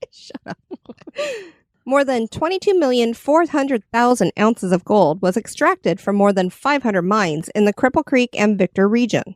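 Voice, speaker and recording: A woman's voice: on the high side, lively intonation, a little slow, no echo, clean studio sound. A woman co-hosting a podcast, reading history notes in casual chat, giggly and stumbling over words. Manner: giggly, often breaks into laughter. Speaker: podcast co-host. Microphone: studio podcast mic.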